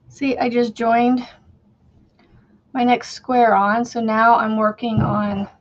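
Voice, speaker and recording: A woman's voice: a little high, level tone, slow pace, long pauses, lo-fi sound. A woman in her thirties hosting a casual crochet livestream from home, chatting in a rambling way and laughing often as she works. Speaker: crochet channel host.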